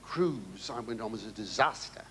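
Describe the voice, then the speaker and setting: A man's voice: fairly low pitch, animated, moderate pace, a bit bright, slight background noise. Older man, rambling stand-up comic. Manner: rambling, stammering, wry asides. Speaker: comedian. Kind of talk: stand-up audience Q&A.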